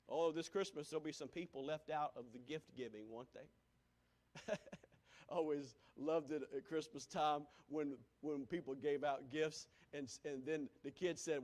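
A man with a fairly high voice preaches a sermon in a folksy way. He repeats lines for emphasis and swings from ringing calls down to hushed, almost whispered asides. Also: measured pace. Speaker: pastor.

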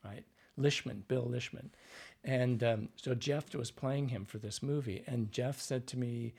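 A Canadian man, a dialect coach, telling animated anecdotes in a relaxed interview and acting out other people's voices. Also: medium pitch, measured pace, gravelly, few pauses, slightly rough. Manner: animated anecdotes, acts out voices, frequent fillers. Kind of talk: conversational interview storytelling.

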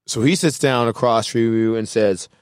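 A man's voice: medium pitch, normal speed, smooth, no room sound, clean studio sound. A man hosting a casual chat, setting up hypothetical scenarios in a narrating way. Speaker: host posing scenarios.

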